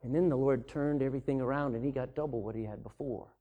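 A middle-aged man preaching a sermon as pastor, swinging from loud emphasis to sudden hushed drops. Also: mid-range voice, fast talker, lo-fi sound.

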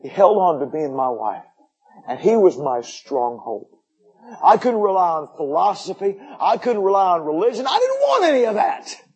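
A middle-aged man preaching a sermon with personal stories, folksy, moving between upbeat jokes and hushed intensity. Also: high-pitched, huge pitch swings, moderate pace, slightly rough, low-quality recording. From United States. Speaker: missionary pastor.

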